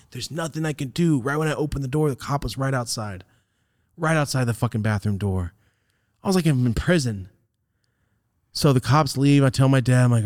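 This podcast host, a young man, tells his story briskly and casually, cursing along the way and voicing the people he quotes with dramatic pitch leaps. The sound is clean studio audio with no echo.

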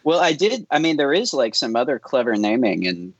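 A man guesting on a podcast, talking in a relaxed, rambling way and laughing often. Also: medium pitch, fairly quick, no room sound, lo-fi sound. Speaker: film director guest. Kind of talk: casual podcast interview.

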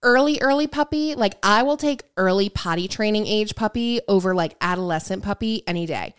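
A woman's voice: medium pitch, fairly quick, clean tone. A woman co-hosting a podcast, ranting bluntly and swearing freely, acting out quoted people in her stories. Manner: acts out quotes in shifting voices. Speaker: podcast co-host. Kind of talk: casual chat.

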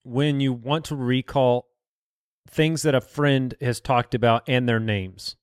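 A man's voice: mid-range voice, fairly even intonation, unhurried, smooth, dry recording, studio quality. A married man in casual podcast chat, joking, laughing and asking his friends questions.

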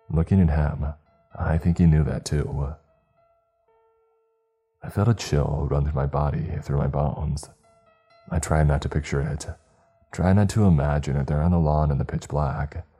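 Very deep, dark-toned male horror narrator. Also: slightly rough. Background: faint music.

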